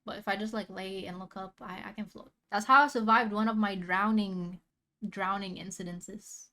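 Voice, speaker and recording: A woman's voice: mid-range voice, fairly even intonation, normal speed, sharp tone. A young woman chatting casually as she reacts to a video, rambling in slang and laughing often.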